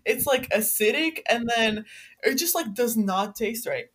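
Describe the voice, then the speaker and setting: A woman's voice: a little high, unhurried, slightly rough. A young woman telling a story in casual podcast chat, with "like" dropped between nearly every phrase. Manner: animated, fillers of "like" throughout. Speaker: podcast guest.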